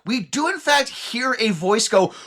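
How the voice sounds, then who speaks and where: A man co-hosting a casual movie review podcast, animated and quick to act out lines from the film. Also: high voice. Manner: animated, acts out movie lines in exaggerated voices. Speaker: podcast co-host.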